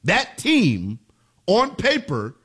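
Animated male sports radio host. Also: sits high, extremely slow, breathy edge. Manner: emphatic, rhetorical, casual swearing.

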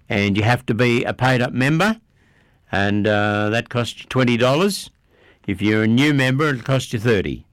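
An Australian man presenting announcements on community radio in a chatty way, repeating details and pausing with fillers. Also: medium pitch, fairly bright tone, clean tone, dry recording. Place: radio studio.

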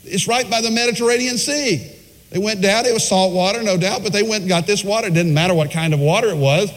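A male preacher delivering a sermon, retelling a story with emphatic phrasing and dramatic pauses. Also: high-pitched. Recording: long hall reverb.

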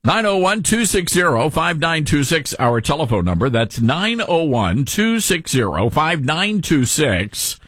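Brief: middle-aged male talk radio host, mild Southern accent, lively pitch, opinionated. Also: unhurried, few pauses, slightly rough, dry recording, studio quality. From Tennessee. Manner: folksy, opinionated, animated.

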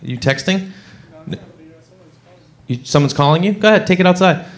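A man doing stand-up comedy, spinning a story and acting out each character. His voice sits slightly high. It leaps all over with lively, animated swings. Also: moderate pace. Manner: animated, acts out every character's voice.

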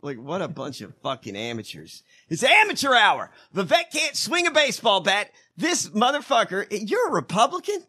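A man's voice: sits high, huge pitch swings, normal speed, few pauses, bright, forceful tone, slightly rough. A man co-hosting a casual chat show, joking sarcastically and swearing as he reacts to clips. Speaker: podcast co-host.

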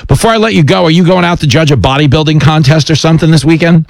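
A man's voice: a little high, creaky, no room sound. Man, middle-aged, radio talk host, self-mocking banter, dry close sound. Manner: jokey, self-deprecating, quick asides.

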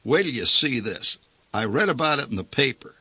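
A man reading a story and voicing an excitable, blustering father who repeats himself. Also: medium pitch, brisk, husky, no room sound, pitched above the performer's own voice, heavily acted. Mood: eager. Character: excitable, pushy small-town father.

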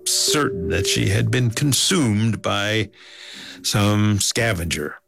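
A man calmly recounting field observations as a guest, with a wry, gently laughing manner. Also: on the low side, takes it slowly, vocal fry. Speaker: guest scientist. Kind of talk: storytelling interview.

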